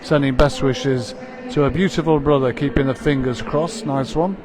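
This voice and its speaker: A man's voice: mid-range voice, fairly even intonation, moderate pace, a crowd in the background. A man presenting a live dog show stream, chatting with his co-commentator and reading out greetings from viewers.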